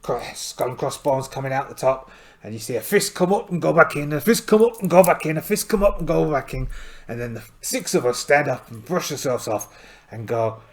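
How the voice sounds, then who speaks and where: A man's voice: a little high, expressive, brisk. A man playing a solo tabletop game who narrates it in a playful, storytelling way and thinks aloud over his dice rolls. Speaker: solo game player and host. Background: faint music backing track.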